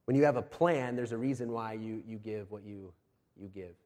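A man's voice: on the low side, moderate pace, darkish tone. A man in his thirties, a pastor preaching a sermon, earnest and emphatic, repeating his key phrases. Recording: long reverb of a large hall.

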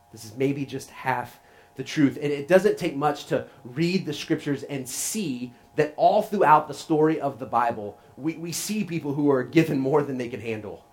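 Male pastor, 30s-40s, earnest conversational sermon delivery, mid-pitched voice. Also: darkish tone. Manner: conversational, earnest, with frequent restarts.

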